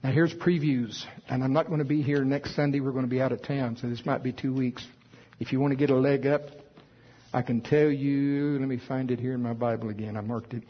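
A man's voice: mid-range voice, steady tone, a little fast, husky, muffled recording. A man preaching a sermon with emphasis, reading scripture aloud in old wording. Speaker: pastor.

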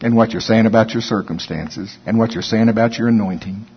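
A man pastor preaching a sermon in a church, reading scripture slowly and then commenting on it in a folksy, conversational way. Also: lowish voice, husky. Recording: long hall reverb, dull lo-fi sound.

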